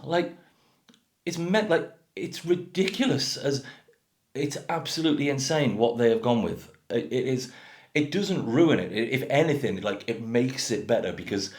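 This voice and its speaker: Blunt sweary man with deep voice. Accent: generic English. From North Wales. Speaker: craft beer vlogger. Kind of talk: casual rant to camera. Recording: echoey room.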